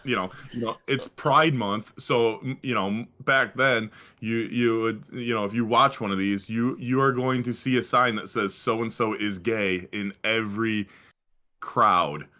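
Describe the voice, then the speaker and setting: A man's voice: on the low side, fairly even intonation, a little slow, sharp tone. A young man co-hosting a podcast, rambling casually about sports with lots of restarts. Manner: rambling, profane, full of restarts. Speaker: podcast co-host.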